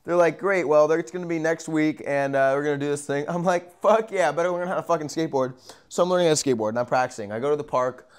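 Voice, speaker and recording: A young man telling a story in a casual, profane, animated way, with sudden loud bursts and quiet asides. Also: fairly high pitch, rapid-fire, clean tone. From Arizona. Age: young adult.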